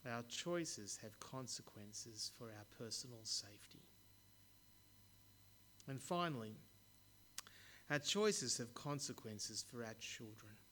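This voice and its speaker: A man preaching a sermon, telling stories in a measured way with occasional stumbles. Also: medium pitch, animated, bright, forceful tone, a little hiss or hum. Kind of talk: sermon with storytelling.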